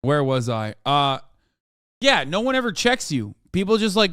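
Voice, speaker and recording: Male streamer from the US, reacting to clips, profane, sarcastic, animated, fairly high voice, smooth and clean, dry close sound. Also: moderate pace, no echo. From United States. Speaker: streamer and political commentator.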